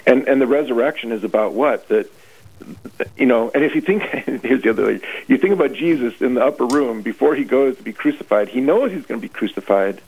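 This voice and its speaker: A man's voice: mid-range voice, expressive, fairly quick, breathy edge. A man, a priest leading a retreat, preaching earnestly on a radio show and often restarting his phrases. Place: radio broadcast. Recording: tinny phone-like radio line.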